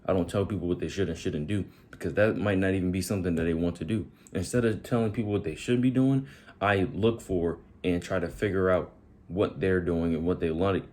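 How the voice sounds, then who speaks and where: Speaking in a deep, darkish voice over slight background noise, a motivational video host gives his viewers a relaxed pep talk. He addresses them head-on and keeps firing questions their way.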